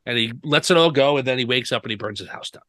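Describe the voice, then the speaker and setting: A man's voice: mid-range voice, fast talker, fairly bright tone, dry recording. A man co-hosting a podcast, chatting casually and retelling scenes in long rambling runs full of fillers. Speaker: podcast co-host. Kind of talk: casual chat.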